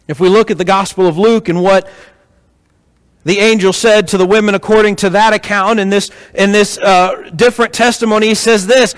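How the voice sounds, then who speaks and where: A man preaching a sermon to a congregation, telling stories with rhetorical questions in an animated way. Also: very high-pitched, normal speed. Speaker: pastor. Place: church hall with congregation. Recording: echoey hall.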